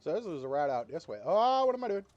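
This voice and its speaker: A man's voice: fairly high pitch, sing-song, quick pace, a little mellow, dry recording, muffled recording. A man streaming a game, chatting casually, who swears and scolds his cat in baby talk. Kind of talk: casual live-stream chat.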